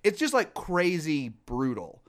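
A man's voice: on the high side, measured pace. Rambling chatty podcast man. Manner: rambling, animated storytelling with many fillers. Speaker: podcast co-host. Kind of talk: casual chat.

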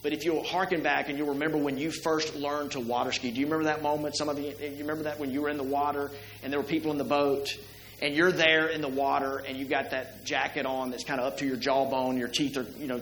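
In a spacious church sanctuary, a middle-aged male pastor with a slightly high, somewhat bright voice gives a sermon. He keeps it easygoing and conversational, often asking the congregation rhetorical questions, while a faint hum runs beneath the echoing recording.

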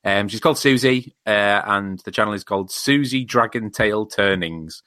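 A man chatting on a podcast in a dry, teasing way, often pausing on ums. His voice sits a little low but has a bright, forward tone. The sound is close and dry. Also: no echo. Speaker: podcast co-host. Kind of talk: casual chat.

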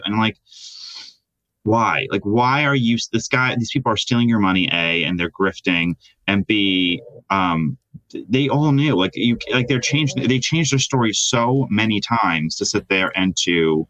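A man talking as a reporter guest in a casual interview, indignant and halting, with many restarts. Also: on the low side, a bit bright, no room sound, rough recording. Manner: hesitant, full of restarts, indignant.

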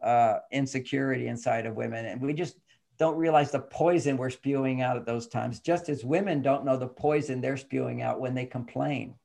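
A man's voice: medium pitch, normal speed, creaky. An older man, a guest on a podcast, explaining relationships in casual chat and acting out the voices of the people in his stories. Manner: animated storytelling, acts out quoted voices.

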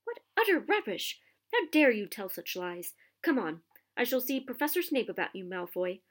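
A woman voicing a stern older woman professor who scolds loudly and sharply. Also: fairly high pitch, big pitch swings, moderate pace. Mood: scolding.

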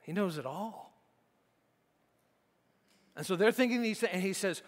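A man's voice: a little high, normal speed, pauses often, fairly bright tone, long reverb tail. A man preaching a sermon in a conversational way, often restarting his sentences. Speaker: pastor.

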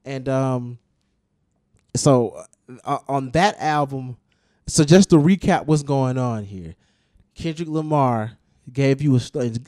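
A man's voice: medium pitch, warm tone, no echo, studio quality. A man hosting a casual podcast and explaining at length, with restarts and emphatic repetition. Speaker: podcast host discussing music.

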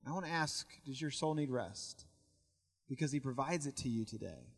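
A man's voice: mid-range voice, lively intonation, moderate pace, vocal fry, big-room sound. A man preaching a sermon as pastor in a church, telling stories and often repeating words as he goes. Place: church sanctuary.

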